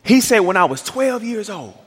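Male pastor, high voice, storytelling sermon with emphatic climaxes, recorded in a reverberant church. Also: big pitch swings, normal speed, fairly bright tone, slightly rough. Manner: storytelling preacher, acts out dialogue, builds to emphatic climaxes. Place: church sanctuary.

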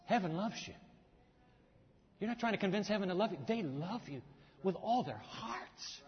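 A high-pitched male pastor preaching with dramatic flair, his voice carrying a long echo through a church hall. The sound is muffled and dull. He acts out the scripture characters in lively bursts. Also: normal speed. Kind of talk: sermon. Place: church sanctuary.

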